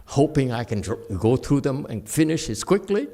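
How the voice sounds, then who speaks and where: A middle-aged man giving a dharma talk with questions and answers, animated, laughing and acting out quoted voices. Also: mid-range voice, moderate pace. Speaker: meditation teacher.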